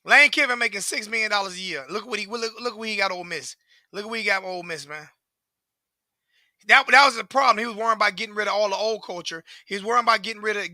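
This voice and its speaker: A man's voice: high voice, sharp tone, dry recording, studio quality. A man, ranting profanely and repetitively as a sports fan commentator. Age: 40s.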